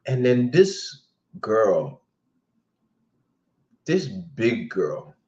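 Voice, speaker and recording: A man's voice: fairly low pitch, big pitch swings, extremely slow, a little mellow, muffled recording. A man hosting a casual livestream, telling dating stories in a blunt, profane way. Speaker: livestream host giving dating advice.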